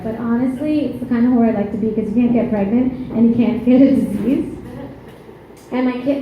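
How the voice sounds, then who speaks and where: A woman in her thirties from New York doing a stand-up comedy set, brash and chatty, with quick asides and laughs. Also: on the high side, slight background noise. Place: comedy club. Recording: echoey club, slightly muffled.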